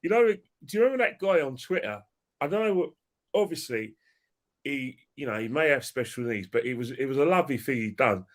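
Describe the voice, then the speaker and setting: A man's voice: medium pitch, lively intonation, a little fast. A man chatting on a casual podcast who tells an anecdote with hesitant restarts. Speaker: podcast guest.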